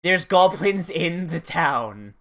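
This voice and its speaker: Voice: mid-range voice, sing-song, slow pace, a bit bright. A YouTuber giving casual, sarcastic commentary while watching an anime, swearing often and trailing off mid-sentence.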